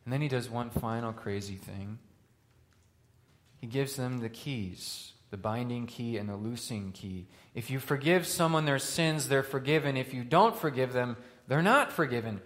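A male pastor preaching a sermon, swinging from loud, rising questions to quiet, hushed lines. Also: medium pitch, moderate pace.

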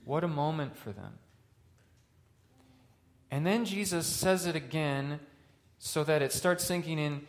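A male pastor preaching a sermon, swinging from loud, rising questions to quiet, hushed lines. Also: on the high side, lively intonation, a little slow, pauses often.

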